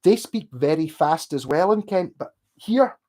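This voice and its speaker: A man with a Scottish Glasgow accent rambling in animated casual chat with his livestream viewers, swearing and laughing as he goes. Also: a little high, moderate pace. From Scotland. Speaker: streamer chatting with viewers.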